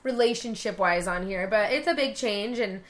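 A woman's voice: mid-range voice, normal speed. A woman in her thirties co-hosting a casual podcast chat, swearing freely and acting out what others said with big jumps in her voice. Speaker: podcast co-host.

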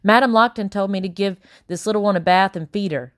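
A woman's voice: medium pitch, no echo, clean studio sound, voice pushed up, natural voice. Woman doing a bossy chattering housekeeper. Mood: brusque. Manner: brisk, scolding, never stops talking.

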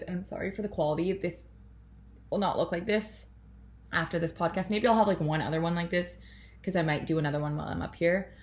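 A woman's voice: on the low side, a little fast, darkish tone, a little hiss or hum. A young woman from Toronto hosting a podcast in casual chat, out of breath and rambling with lots of fillers and apologies. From Canada, Toronto. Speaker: podcast host. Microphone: laptop built-in mic.

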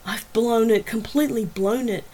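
A woman voicing an adult heroine who speaks quietly and with feeling in an audiobook. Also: on the high side, normal speed, natural voice, low-quality recording. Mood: heartfelt. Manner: quiet and heartfelt.

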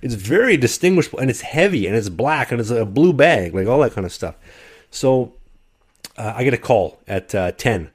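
A man telling a long story in casual conversation, animated, and acting out what other people said. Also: medium pitch, moderate pace, husky. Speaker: guest telling a travel story.

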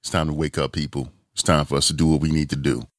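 A man hosting a podcast in a casual, drawn-out talking manner. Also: a bass voice, little pitch movement, no echo, clean studio sound. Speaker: podcast host.

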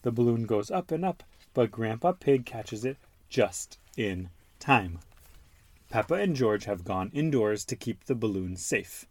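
A man hosting a podcast with his son, reading a children's storybook aloud in an animated, expressive way. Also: fairly low pitch, unhurried, no echo.

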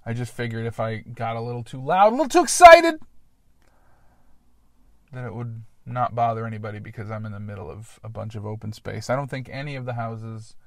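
A man's voice: fairly low pitch, little pitch movement, fast talker, creaky, few pauses, dry recording. Rambling, self-deprecating male podcaster outdoors. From Columbus, Ohio. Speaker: podcast host. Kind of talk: rambling solo podcast monologue. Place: outdoors in a local park.

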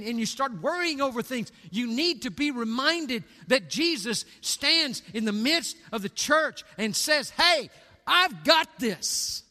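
Pastor, middle-aged man, high and bright, long church reverb, dramatic sermon delivery. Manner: dramatic swings between hushed and booming delivery. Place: church sanctuary.

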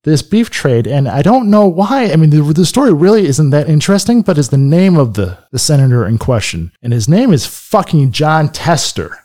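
Animated man telling a story. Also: on the high side. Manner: animated storytelling, frequent swearing and restarts. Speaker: podcast co-host. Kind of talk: casual podcast chat. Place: home studio.

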